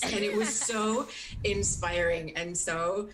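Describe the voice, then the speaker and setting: A woman's voice: medium pitch, fairly even intonation, a little slow, noisy background. A woman in a casual stream chat, speaking sincerely and earnestly. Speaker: former game studio staffer.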